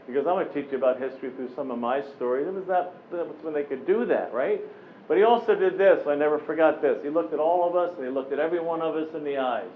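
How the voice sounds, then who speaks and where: A man in his forties gives a keynote to a live audience, spinning lively personal anecdotes and slipping into the voices of the people he quotes. His voice sits a little high for a man. The recording is thin and phone-like, with a light hiss underneath. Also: quick pace. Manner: animated, anecdotal, often slips into voicing the people he quotes. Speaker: keynote speaker. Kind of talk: storytelling keynote address. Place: conference room with a live audience. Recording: tinny phone-like recording with faint noise.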